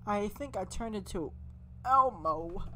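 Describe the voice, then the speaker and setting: A woman's voice: mid-range voice, animated, slow, bright, forceful tone, exaggerated voice. A woman voicing a dazed, rambling old man in a horror video game.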